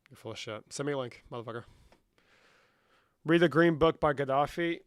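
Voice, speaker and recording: A man's voice: medium pitch, a little fast, clean tone, no room sound, studio quality. A young man live-streaming, casually reading chat comments and answering them with lots of swearing. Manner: profane, reads chat aloud and answers.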